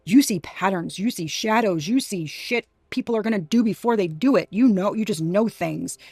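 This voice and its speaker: A woman's voice: medium pitch, normal speed, a little mellow, slightly rough, no room sound. A woman giving an intuitive tarot reading to her viewers, talking emphatically with many restarts and exclamations. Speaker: tarot reader.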